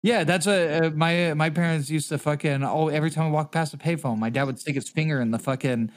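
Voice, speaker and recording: Laughing, cursing podcast guy, slightly high voice. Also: quick pace. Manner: rambling, profane, laughs often. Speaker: podcast co-host. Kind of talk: casual chat.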